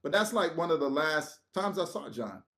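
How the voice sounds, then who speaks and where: Animated man telling a work story. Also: on the high side, moderate pace. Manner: animated, acts out quotes, swears, laughs. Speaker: podcast guest. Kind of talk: casual storytelling.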